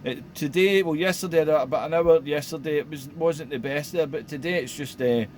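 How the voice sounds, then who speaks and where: A man, chatting casually over CB radio, relaxed and rambling with lots of radio jargon. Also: on the high side, moderate pace. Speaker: CB radio operator. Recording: faint background noise.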